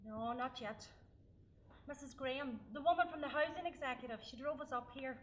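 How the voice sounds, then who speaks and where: An actress with a Northern Irish accent playing a middle-aged widow, weary and flustered. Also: female voice, sits high, brisk, natural voice, poor audio. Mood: weary grief. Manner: flustered, softly welcoming. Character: newly widowed woman, grieving and weary. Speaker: Vera. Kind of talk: stage play acting.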